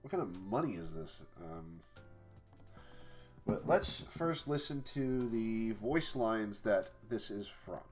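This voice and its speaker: A man's voice: fairly low pitch, lively intonation, slow. A man who develops indie games, chatting casually on a livestream and rambling with fillers and restarts, with his mic held off to the side. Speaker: indie game developer streaming. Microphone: mic held off to the side, no pop filter. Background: faint music.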